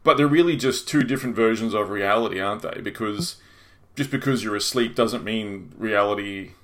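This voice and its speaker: A man co-hosting a casual chat, telling a story in a rambling, halting way with many restarts. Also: on the low side, fairly bright tone.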